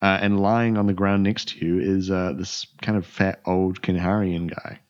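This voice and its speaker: A man's voice: low voice, steady tone, normal speed. A man narrating as game master, rambling with many fillers and restarts. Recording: dull lo-fi audio.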